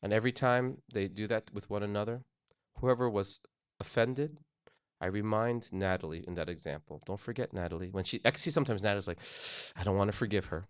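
Deep-voiced man preaching, dry sound. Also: fairly quick, clear, resonant tone, no echo. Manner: earnest, repeats phrases with restarts. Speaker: pastor. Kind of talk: sermon on forgiveness.

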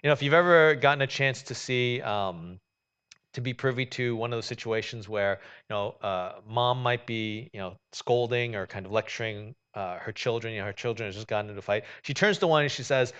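A man's voice: mid-range voice, a little fast, fairly bright tone, clear, resonant tone. A man preaching a sermon in a conversational way, with many fillers and restarts. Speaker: pastor.

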